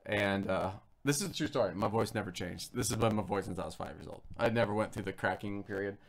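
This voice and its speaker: A man's voice: fairly low pitch, fast talker, creaky. A man hosting a casual livestream chat, telling stories with lots of laughter and acting out the voices of the people he quotes. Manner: animated storyteller who laughs often. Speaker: livestream host.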